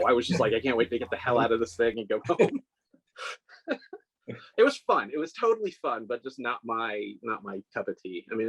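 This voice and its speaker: A man in his forties talks in a loose, rambling way, circling back and restarting as he tells stories. His voice sits a little low, and he often makes fun of himself. It is a casual, conversational interview. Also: a bit bright, breathy edge, low-quality recording. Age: 40s. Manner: rambling, self-deprecating storyteller with many restarts and laughs. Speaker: scale model maker, guest.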